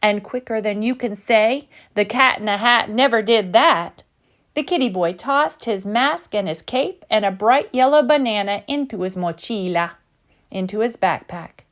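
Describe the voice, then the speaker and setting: A woman teacher reading a children's picture book aloud, expressive and animated, swooping up and down as she voices the characters. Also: medium pitch, a little slow.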